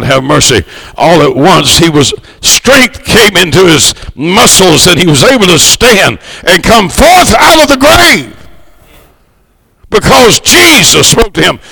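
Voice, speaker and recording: Fervent, high-voiced gravelly preacher. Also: male voice, sing-song, unhurried, low-quality recording. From United States. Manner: fervent, swells to shouts, draws out key words. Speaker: missionary preacher. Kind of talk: sermon.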